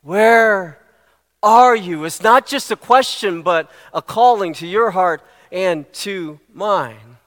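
A man's voice: high voice, expressive, slow, few pauses, a bit bright, long reverb tail. A middle-aged man preaching a sermon, earnest and fond of repeating his questions for emphasis. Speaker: pastor.

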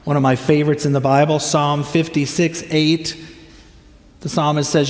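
An older man preaching a sermon as a pastor, slow and earnest, stretching his words with long pauses. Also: fairly high pitch, flat delivery. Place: church sanctuary. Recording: echoey hall, voice from a distance.

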